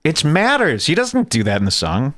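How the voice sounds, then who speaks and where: A podcast host with a fairly high voice tells stories at a moderate pace, recorded in clean studio sound with no room tone. He's animated and jokey, swearing freely as he chats casually.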